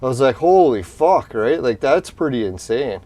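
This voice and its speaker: A man's voice: medium pitch, expressive, moderate pace, darkish tone. A man chatting casually on a livestream, rambling and swearing, laughing at his own points and talking straight to his chat viewers. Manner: addresses chat viewers directly.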